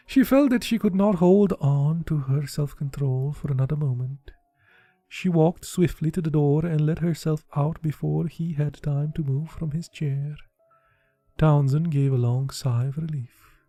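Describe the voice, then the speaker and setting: A man's voice: a little high, unhurried, dark tone, dry recording, faint music behind. A man reading a classic novel aloud in a casual way, putting feeling into the dialogue and sometimes breaking off to joke. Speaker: audiobook reader.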